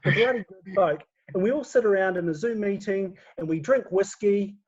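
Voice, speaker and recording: A man's voice: high voice, normal speed, breathy edge, lo-fi sound. A man chatting casually as a guest, laughing often and restarting his words. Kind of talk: casual chat.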